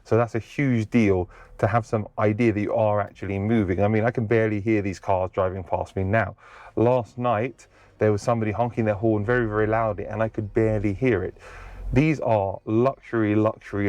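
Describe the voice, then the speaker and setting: A man's voice: fairly low pitch, fairly even intonation, moderate pace, darkish tone, dry recording. A man reviewing a car from inside it, talking enthusiastically and full of praise. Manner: gushing, superlative-heavy.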